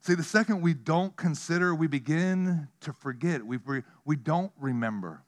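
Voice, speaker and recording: A man preaching a sermon as pastor, telling stories with animation, dropping to a hush and then rising loud. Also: a little high, moderate pace. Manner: animated storytelling, swinging from hushed to loud.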